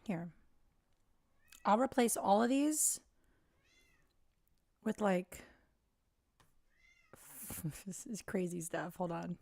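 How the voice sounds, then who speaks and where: A woman's voice: lowish voice, expressive, very slow, creaky, long pauses, a little mellow, dry recording. Chatty woman streamer, close and dry. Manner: rambling, chatty, trailing off mid-thought. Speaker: livestream host. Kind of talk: casual livestream chat.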